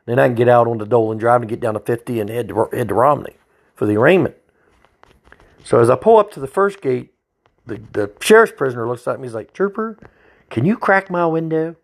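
A man's voice: mid-range voice, fast talker, gravelly. A man, a state trooper telling a story in a blunt, profane, folksy way. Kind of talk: casual storytelling.

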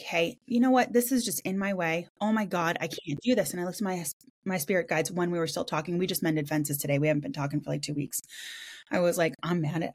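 A woman hosting a casual spiritual roundtable podcast, talking quickly and excitedly, swearing offhandedly and acting out conversations as she tells stories. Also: fairly low pitch. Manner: animated storytelling with quoted voices. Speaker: podcast host.

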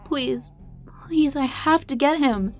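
A woman's voice: high-pitched, slow pace, soft background music, voice pushed up. A woman reading the part of a desperate young mother who pleads frantically, her voice cracking. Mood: desperate pleading.

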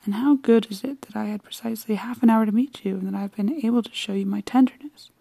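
A woman's voice: medium pitch, steady tone, a little slow, gravelly, dark tone, no echo. Woman reading as a cold, bantering official husband. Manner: dry, bantering, precise. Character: cold, formal middle-aged husband, a government official.

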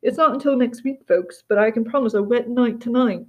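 A woman's voice: a little high, brisk, a little mellow, lightly acted. A woman voicing a chatty, jokey male TV weatherman in an audiobook reading.

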